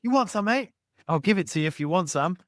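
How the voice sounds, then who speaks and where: A man impersonating a tiny, aggressive old man who is a football fan, shouting high-pitched taunts. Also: lively intonation, quick pace, no room sound, studio quality. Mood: belligerent.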